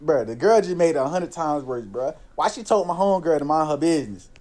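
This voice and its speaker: A man's voice: fairly high pitch, expressive, fairly quick, a little mellow. A young man casually telling a story, with lots of slang, saying "bro" constantly and acting out what people said.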